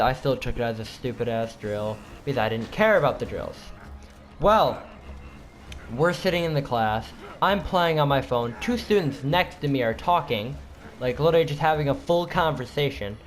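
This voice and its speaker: A man's voice: mid-range voice, slight background noise. Teenage boy rambling through a joking story. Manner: rambling, joking, with frequent self-corrections. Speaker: student vlogger. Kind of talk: casual storytelling.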